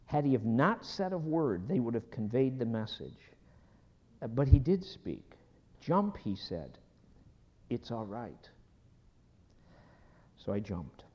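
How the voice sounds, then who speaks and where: A male pastor delivers a sermon at an unhurried pace, his voice swinging widely in pitch from lifted, emphatic phrases down to near-whispers. The sound is somewhat dull and carries a long reverb, as if picked up in a large hall. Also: sing-song. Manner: slow storytelling, dropping to a soft whisper.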